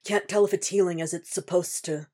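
A blunt, protective ex-Marine barks short orders in a low voice, as a woman reads him in a fan-fiction audiobook. He keeps his sentences clipped and gruff, with a darker, altered tone. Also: fairly even intonation, brisk, warm tone, natural voice.

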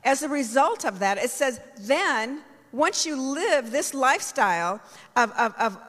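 A woman's voice: high voice, animated, measured pace, a bit bright. A woman apostle preaching a sermon, telling a personal story and rising into fervent praise. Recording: long hall reverb.

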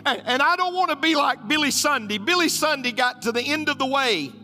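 A man's voice: very high-pitched, animated, brisk, sharp tone. A man preaching a sermon as pastor, emphatic and repetitive, with folksy humor. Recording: roomy hall with faint music.

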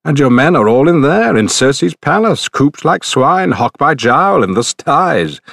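A man's voice: fairly low pitch, fairly bright tone, no room sound, heavily acted. Man reads a young male god for a storybook: earnest, instructive, clean dry read. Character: youthful male god, kindly and warning.

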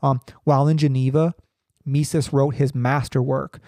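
A young man reading a text aloud in a halting way, full of ums and restarts, with casual asides. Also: medium pitch, level tone, dark tone, no echo, studio quality. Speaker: podcaster reading and commenting.

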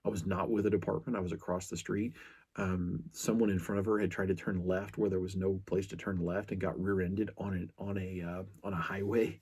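Middle-aged male podcast host, deep husky voice, earnest storyteller. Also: a little mellow. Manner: earnest storytelling, frequent restarts. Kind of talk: casual podcast monologue.

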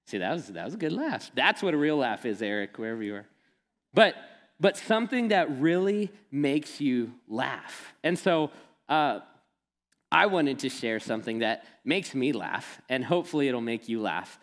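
A man's voice: medium pitch, unhurried. Man preaching in a reverberant hall. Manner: storytelling, animated and laughing when quoting friend. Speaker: pastor. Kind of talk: sermon.

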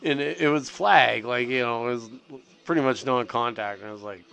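A man's voice: mid-range voice, brisk, creaky, fairly bright tone, clean tone. A middle-aged man telling stories in a rambling, casual way, swearing constantly and filling gaps with "like" and "you know.". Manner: profane, heavy on fillers and restarts.

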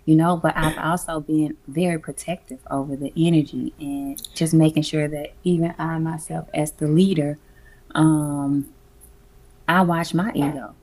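A woman with a low voice and a gravelly, fry-edged texture talks casually as an interview guest. She tells her stories with animated emphasis, breaks into laughter often and drops casual swearing. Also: measured pace. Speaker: guest, community music event organizer. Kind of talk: casual conversational storytelling.

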